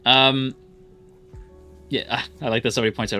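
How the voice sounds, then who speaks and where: A man's voice: mid-range voice, a little fast, bright, forceful tone, clean tone, faint music behind. A man who is a guest on a casual live stream chat, talking in rambling tangents and laughing easily.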